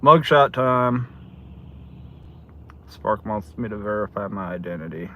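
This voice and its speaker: A man's voice: on the low side, lively intonation, measured pace, sharp tone. A man in his seventies chatting casually on a livestream while driving deliveries, greeting viewers by name. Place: in a car.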